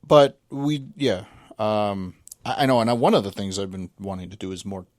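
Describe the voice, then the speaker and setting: A man's voice: fairly low pitch, moderate pace, a little mellow, dry recording, studio quality. A man co-hosting a casual talk show, rambling with lots of fillers and restarts. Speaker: podcast co-host. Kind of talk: casual chat.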